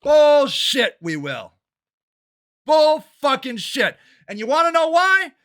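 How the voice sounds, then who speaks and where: Loud, angry older man ranting. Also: very high voice, very animated. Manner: shouting, swearing, fast and agitated. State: angry and worked up. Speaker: local activist and city council candidate.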